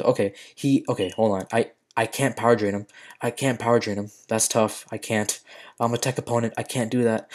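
A young man livestreaming a mobile fighting game, chatting casually in slang, reading chat, and shouting at the game while he plays. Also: medium pitch, normal speed.

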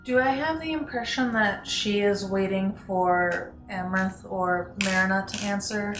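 A woman's voice: mid-range voice, measured pace. Brief: woman player, sincere and placating, heard from off-mic in a roomy space. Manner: earnest, pleading diplomatically. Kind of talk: in-character tabletop play. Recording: distant mic in echoey room, faint music.

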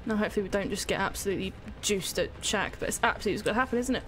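A woman giving excitable, sweary, self-mocking commentary on her own gameplay as a streamer. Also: mid-range voice, very fast, few pauses, loud music behind the voice. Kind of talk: live gaming commentary.

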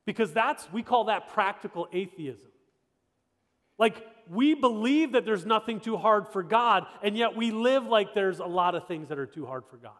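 Male pastor with a high voice, conversational and emphatic, preaching a sermon, recorded with long church reverb. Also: a bit bright. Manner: conversational, emphatic, repeats rhetorical questions. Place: church sanctuary.

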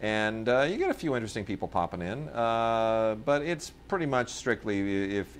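A man with a lowish voice rambles through a casual podcast chat, stacking fillers and restarts as he goes. He sounds like a co-host reviewing releases. A faint hiss sits under the recording. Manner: rambling storyteller, many fillers, mimics people in quoted bits.

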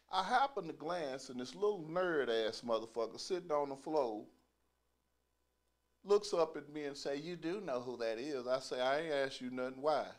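A middle-aged man telling a profane prison story as stand-up, acting out the people he quotes. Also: a little high. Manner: profane, animated, acts out quoted voices. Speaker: stand-up comedian.

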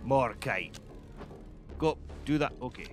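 A man hosting a game stream in casual chat, excitedly exclaiming questions about what he sees. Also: medium pitch, takes it slowly. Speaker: streamer host. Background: game music.

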